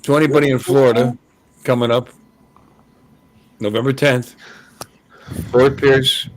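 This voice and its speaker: A man's voice: medium pitch, steady tone, measured pace, a little hiss or hum. A man hosting a casual live stream hangout, chatty and greeting viewers, often repeating words as he thinks. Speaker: host of a live hangout show. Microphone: live stream call.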